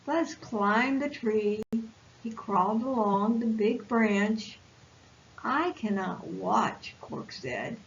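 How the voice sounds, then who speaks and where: A woman volunteer reading a picture book aloud to preschoolers in a slow, expressive read-aloud voice. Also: on the high side. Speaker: volunteer storyteller. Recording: lo-fi recording with faint hiss.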